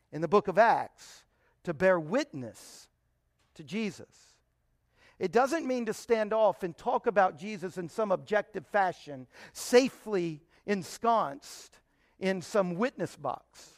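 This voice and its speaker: A man's voice: sits high, lively intonation, slow, dry recording, clean studio sound. A man giving an emphatic Bible teaching, often posing rhetorical questions to his listeners.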